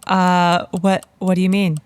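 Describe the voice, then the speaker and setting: A woman's voice: on the low side, completely flat delivery, measured pace, a little mellow, clear, resonant tone, dry recording. A woman playing a character in a tabletop role-play podcast. She speaks casually and hesitantly and laughs often. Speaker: player.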